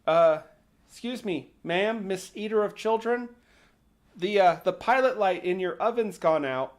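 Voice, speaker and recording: Guy doing a little girl being fake polite, halting, ums and uhs. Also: high-pitched, lively intonation. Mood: mock polite. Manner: mock-polite, hesitant. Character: young girl, falsely polite and hesitant.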